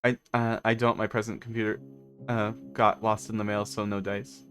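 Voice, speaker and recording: A man's voice: on the low side, little pitch movement, moderate pace, a bit bright, clean tone, faint music behind. A man streaming from a parked car, chatting casually with viewers, giggling often and rambling. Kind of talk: casual live-stream chat.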